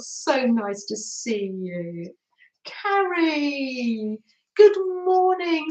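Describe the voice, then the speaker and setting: Older woman, craft livestream host, chatty, reads comments aloud, echoey room. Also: high voice.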